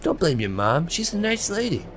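A man's voice: sits high, huge pitch swings, normal speed, soft background music. A man doing a menacing crude frog mascot. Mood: sleazy. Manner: sing-song jingle, then threatening and crude. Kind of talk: improvised comedy scene.

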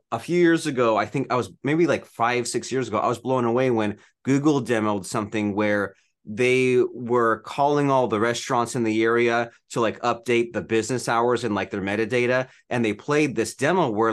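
A man hosting a podcast, chatting casually and peppering his speech with "like" and restarts. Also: mid-range voice. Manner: filler-heavy, says "like" constantly. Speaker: podcast host. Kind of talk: casual interview chat.

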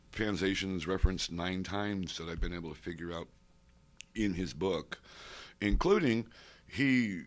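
A man in his sixties, being interviewed, telling rambling oral-history stories full of digressions and asides. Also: low voice. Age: 60s. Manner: digressive, with many asides and restarts. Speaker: interviewee, comics fan and collector. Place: convention center interview room.

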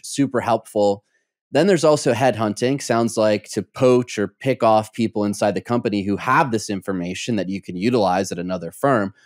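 A podcast host, a man, speaks in a lowish voice. He thinks out loud in measured phrases before asking his next question. The sound is close and dry. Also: dry recording. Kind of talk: interview conversation.

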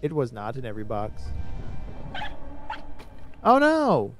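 A man's voice: mid-range voice, slow, soft background music. Rambling male game streamer. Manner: rambling, with sudden excited outbursts. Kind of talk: casual gameplay commentary.

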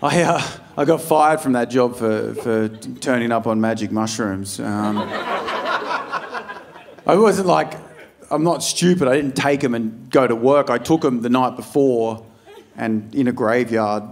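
An Australian man doing a stand-up set, telling stories in a loose, profane, animated way and acting out what people said. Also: medium pitch, unhurried. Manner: profane, animated storytelling with acted-out quotes. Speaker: stand-up comedian. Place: comedy club stage before a live audience. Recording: live club crowd audible. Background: audience laughter.

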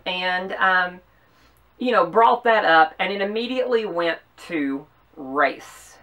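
Southern-accented woman host, bright, forceful tone, earnest commentary, set a little back from the mic. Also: fairly low pitch, lively intonation, recorded from a distance. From American South. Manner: earnest, emphatic, with measured pauses. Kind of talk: opinion commentary.

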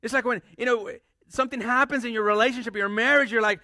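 High, bright-voiced preaching man. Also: steady tone, fast, hardly any pauses, no room sound, clean studio sound. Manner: emphatic, repeats key phrases for stress; frequent restarts and repeated words. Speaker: pastor. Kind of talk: sermon.

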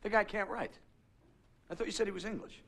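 A man's voice: high voice, steady tone, fairly quick, fairly bright tone. An actor playing a crude, profane male film executive who blusters and swears. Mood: blustering. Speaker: film producer character. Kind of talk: film acting.

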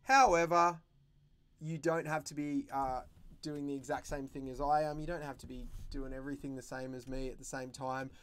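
A man hosting a drawing livestream for kids, talking in a playful, animated and jokey way as he teaches. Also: mid-range voice, moderate pace, clear, resonant tone.

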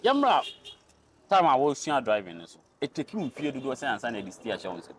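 A man with a Ghanaian accent who interviews the guest, asking long questions and answering with short soft acknowledgements. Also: medium pitch, very animated, racing, slight background noise. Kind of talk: casual interview talk.

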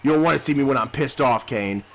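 A man doing loud, profane, brash trash talk while commentating his own wrestling game, with mock-tender jabs at his opponent. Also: mid-range voice, quick pace, slight background noise. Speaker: gaming YouTuber.

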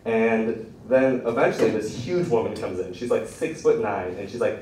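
A young stand-up comedian rambles through a self-deprecating story at an open mic in a small room, often laughing at his own jokes. His voice is on the low side, expressive, at a moderate pace. A distant mic picks up an echoey room with slight background noise.

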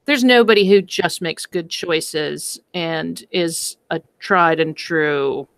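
A woman's voice: fairly low pitch, takes it slowly. A woman co-hosting a casual podcast about a book, speaking hesitantly with fillers and restarts. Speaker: podcast co-host. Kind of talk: casual book-club chat.

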